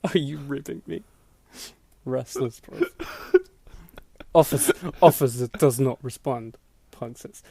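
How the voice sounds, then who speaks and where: Male podcast host, mid pitch, dry close mic, reads a story aloud for laughs and cracks up often. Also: slow, vocal fry, pauses often, dark tone, breathy edge, no room sound. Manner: laughing through a mocking read, acting out voices. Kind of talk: comedic dramatic reading of an old blog post.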